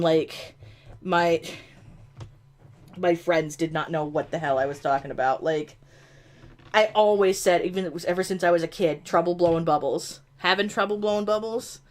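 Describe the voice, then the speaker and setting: A woman with an upstate New York accent, chatting casually and ramblingly on a gaming stream. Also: on the low side. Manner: rambling, full of "like", laughs easily. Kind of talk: casual chat while gaming.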